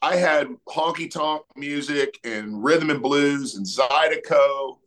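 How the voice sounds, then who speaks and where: A man's voice: on the high side, slow pace. A middle-aged man, a musician talking casually in an interview and telling stories loosely with many fillers. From Texas. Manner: relaxed storytelling, many fillers. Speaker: musician guest.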